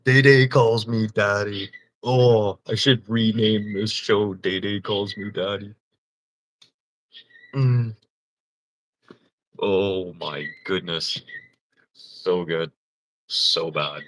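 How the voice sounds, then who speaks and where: A man hosting a casual livestream chat, telling crude, animated stories and laughing often. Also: lowish voice, extremely slow, long pauses. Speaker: livestream host.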